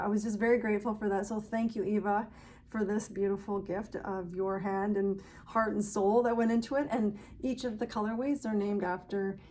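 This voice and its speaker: A woman's voice: medium pitch, a little mellow, a little hiss or hum. A woman hosting a knitting podcast, chatting casually to viewers in a gushing, grateful way.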